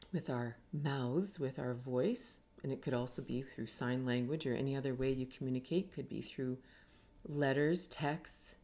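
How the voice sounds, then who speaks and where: Earnest woman with a mellow voice. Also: a bass voice. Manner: earnest, uses many rhetorical questions and tags with "right?". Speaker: spiritual teacher and author. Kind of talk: reflective teaching talk.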